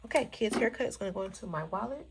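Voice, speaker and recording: A chatty woman, talking casually with viewers while she counts bills aloud. Her mid-pitched voice has a gravelly edge. The recording carries steady background noise. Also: racing. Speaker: budgeting vlogger. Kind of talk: casual cash-stuffing vlog chat.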